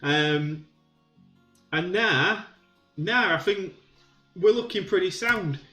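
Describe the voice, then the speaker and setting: A man's voice: high voice, slow, reverberant, soft background music. Chatty Yorkshire man narrating his game. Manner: chatty, self-commentating with frequent ums, bursts of excitement. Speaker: gaming YouTuber. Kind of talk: playing and commentating on a football management game.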